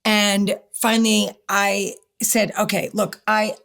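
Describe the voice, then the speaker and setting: A middle-aged woman telling a personal story as an interview guest, lively and quick to act out what people said. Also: mid-range voice, gravelly. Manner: animated storyteller, acts out quotes.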